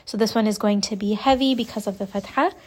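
A young woman teaching Quran recitation rules, explaining each point slowly and patiently. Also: mid-range voice, a little mellow. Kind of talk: step-by-step tajweed lesson.

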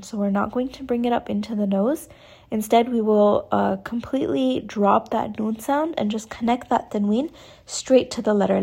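A woman teaching Quran recitation in a calm, methodical way. Her voice has a gravelly, creaky edge. She walks through each rule slowly and carefully, demonstrating the sounds as she goes. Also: mid-range voice. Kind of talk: tajweed lesson with recited examples.

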